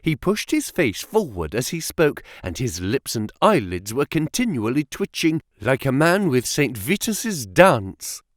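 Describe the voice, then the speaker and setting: Male audiobook narrator, lively pitch. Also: a little slow, hardly any pauses, no echo, studio quality. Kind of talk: scripted narration of a classic detective story.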